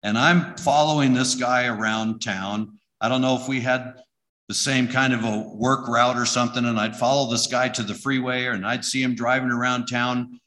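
A man's voice: medium pitch, steady tone, moderate pace, pushed and bright. A middle-aged man giving an emotional personal testimony in conversational storytelling. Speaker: church member giving testimony.

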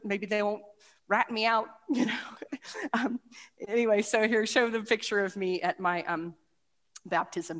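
Middle-aged woman, testimony speaker, lively storyteller with lots of fillers, heard in a hall with long reverb. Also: medium pitch. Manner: animated, acts out quoted voices, many restarts and fillers. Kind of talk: personal testimony talk with slides.

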